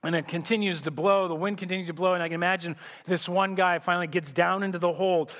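A male pastor preaches a sermon, retelling a story vividly and sometimes restarting his phrases. His voice sits high for a man. A long church-hall reverb trails behind every line. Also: fairly even intonation, quick pace, fairly bright tone. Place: church sanctuary.

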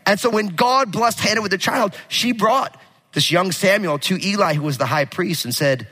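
A male pastor preaching a sermon with animated, casual storytelling and jokes. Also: high voice, moderate pace, slightly rough. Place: church sanctuary. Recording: long hall reverb.

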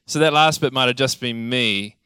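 A young man preaching a sermon, telling childhood stories in a lively, animated way. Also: medium pitch, moderate pace, smooth, no room sound, clean studio sound. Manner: animated storytelling, acts out childhood scenes. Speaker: pastor.

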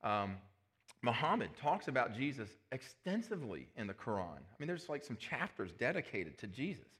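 A man's voice: medium pitch, sing-song, moderate pace, a bit bright. Conversational man preaching a sermon. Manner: conversational, with asides and rhetorical questions. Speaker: pastor.

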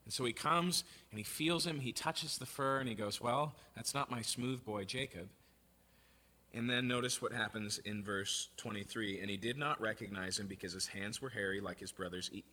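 A man giving an expository sermon, reading scripture aloud and explaining it in a conversational, animated way. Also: lowish voice, slightly rough. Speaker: preacher.

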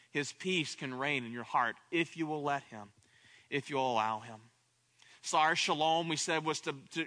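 A man's voice: a little high, bright, forceful tone. A man preaching a sermon, repeating phrases and building to impassioned cries. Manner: repetitive, rising to impassioned cries at peaks.

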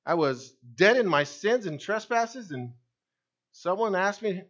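A man preaching a sermon in a high, lively voice that swings widely as he presses his points. He fires rhetorical questions at his listeners. The recording sounds dull and lo-fi. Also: unhurried. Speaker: pastor.

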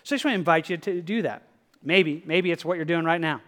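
A male pastor delivering a sermon in a somewhat high voice. He speaks earnestly and repeats his points. At times his delivery sinks to a soft, gentle hush. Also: quick pace. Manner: earnest, repetitive, drops to soft tones for quoted prayer.

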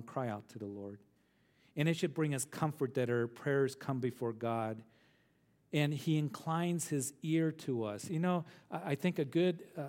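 A man's voice: medium pitch, darkish tone. A man, a pastor, giving an earnest verse-by-verse Bible teaching, reading scripture aloud and asking his listeners tag questions. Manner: earnest, asks the listeners tag questions, repeats words when restarting; reads scripture passages aloud.

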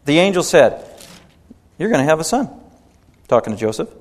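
A man's voice: fairly high pitch, very animated, normal speed. A man preaching a sermon in an emphatic style, his stresses rising and swelling. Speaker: pastor. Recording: long hall reverb.

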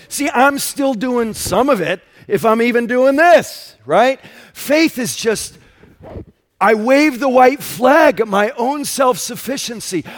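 A man preaching a sermon in a conversational, emphatic way, swinging between loud and hushed and often checking in with "right?". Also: high voice. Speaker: pastor.

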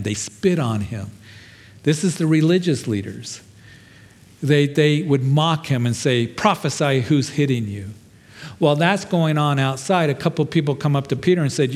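Long hall reverb surrounds a pastor delivering a sermon. His voice is a little high and a little mellow. He tells a story conversationally, with plenty of fillers and some self-deprecating humor.

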